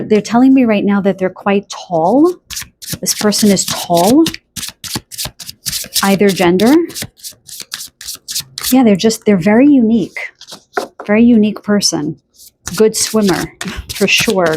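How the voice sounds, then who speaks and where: A woman giving a channeled pick-a-card tarot reading in a chatty, spontaneous way, often pausing to search for words. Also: mid-range voice, noisy background. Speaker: tarot reader.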